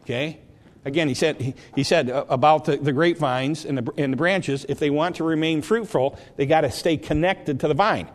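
A man preaching a sermon, slow and deliberate, drawing out the scripture he quotes. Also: on the high side. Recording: long hall reverb.

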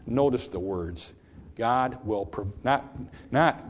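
A man's voice: mid-range voice, measured pace, darkish tone, slight background noise. Earnest preacher man. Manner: earnest, repeats phrases, voice climbs on emphasis. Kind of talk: sermon, Bible teaching.

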